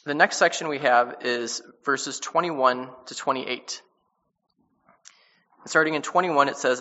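A man with a bright, forceful voice teaches scripture in an easygoing, conversational way, breaking off and restarting as he paraphrases. His voice rings with a long reverb, as if in a large hall, and the recording sounds somewhat dull. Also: mid-range voice. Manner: casual and conversational, with many restarts and quick paraphrases. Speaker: Bible teacher. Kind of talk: informal Bible study teaching.

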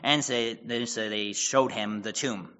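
A man's voice: fairly low pitch, fairly even intonation, measured pace, pushed and bright, dull audio. A man as pastor giving casual Bible teaching, retelling scripture in a conversational way with quoted dialogue and asides.

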